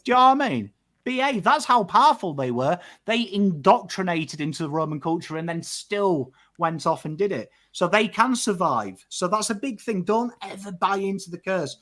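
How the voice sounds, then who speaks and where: A man with an English accent hosting a casual podcast chat, animated and swearing freely, often checking in with "right?". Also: high voice, moderate pace. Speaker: podcast host.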